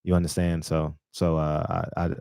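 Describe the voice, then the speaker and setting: A man's voice: deep voice, little pitch movement, moderate pace, vocal fry, mellow, smooth, no room sound. A man hosting a casual live stream, rambling loosely between laughs and talking to his viewers on a phone. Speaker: live-stream show host.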